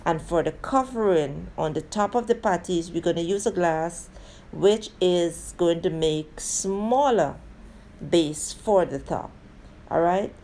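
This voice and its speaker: A woman's voice: lowish voice, slow, mellow, a little hiss or hum. A woman hosting a casual cooking tutorial. She talks viewers through each step in a chatty way, with friendly asides, and keeps calling them "guys". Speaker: cooking channel host.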